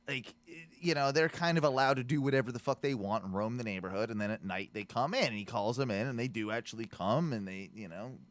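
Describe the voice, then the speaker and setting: A man's voice: mid-range voice, fast talker, hardly any pauses. A man co-hosting a podcast in casual, profane chat, laughing often and telling loose stories. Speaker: podcast co-host.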